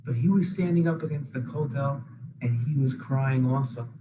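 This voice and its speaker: A man narrating a children's story slowly and emphatically. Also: medium pitch. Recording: noisy background hiss.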